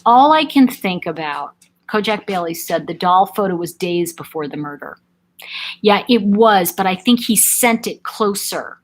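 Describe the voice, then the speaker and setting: A woman's voice: mid-range voice, lively intonation, unhurried, low-quality recording. Chatty woman on a live stream. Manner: chatty, reads out viewer comments, frequent ums and self-corrections. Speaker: host of a live chat stream. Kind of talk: casual live-stream chat.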